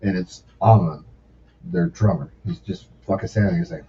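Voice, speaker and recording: Once more the ex-sous chef, a man in his forties, holds forth on a casual podcast in a low-pitched voice at a moderate pace, an animated, rambling, foul-mouthed storyteller. A distant mic leaves the audio dull and lo-fi, with faint background noise.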